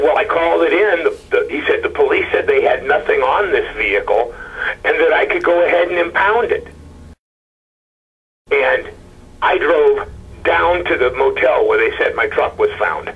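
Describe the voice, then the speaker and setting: Husky man, halting and stammering, muffled lo-fi interview audio. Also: mid-range voice, fairly bright tone. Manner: halting, stammering retelling with quoted dialogue. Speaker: husband of a missing woman, interview guest. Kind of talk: emotional personal account.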